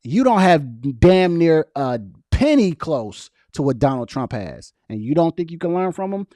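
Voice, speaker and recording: A young man speaking casually on a livestream, arguing back at viewers' chat comments in an animated, argumentative way. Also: on the high side, a little slow, no echo, clean studio sound. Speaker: political vlogger reading live chat.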